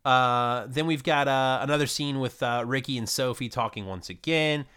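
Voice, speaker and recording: A man co-hosting a podcast, recapping episodes in a relaxed, hesitant way with many fillers. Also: medium pitch, moderate pace, clear, resonant tone. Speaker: podcast co-host. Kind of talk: casual recap chat.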